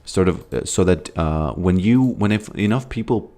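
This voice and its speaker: A man's voice: low-pitched, expressive, moderate pace, mellow. A man with an American accent casually commenting on his gameplay as a streamer, reading chat questions aloud and rambling with loose, trailing thoughts.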